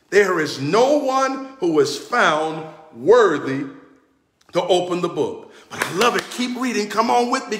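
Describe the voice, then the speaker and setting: Male pastor, slow and deliberate sermon delivery, high and animated, recorded in a roomy church. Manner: preaching cadence, rising and falling, calls to the congregation. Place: church sanctuary. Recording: echoey church sanctuary.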